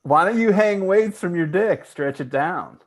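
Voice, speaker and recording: A wry podcast co-host who lands quick jokes, his voice lively and lilting, a touch higher than most men's. He stays casual and dry in his delivery. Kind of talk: casual chat.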